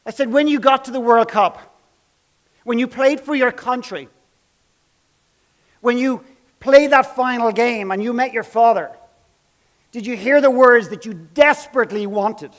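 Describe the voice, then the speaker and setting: A man with a high-pitched voice tells a story from one of his sessions. He acts out what each person said, and he drops his voice low and soft at the tense moments. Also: unhurried, long pauses. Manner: dramatic, acts out quotes, drops to hushed tones. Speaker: speaker telling a workshop story. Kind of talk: storytelling talk.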